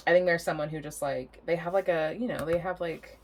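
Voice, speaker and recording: A woman's voice: low-pitched, fairly even intonation, a little fast, darkish tone, a little hiss or hum. A young adult woman giving a casual tarot reading, rambling and chatty, laughing often and swearing freely. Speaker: tarot reader.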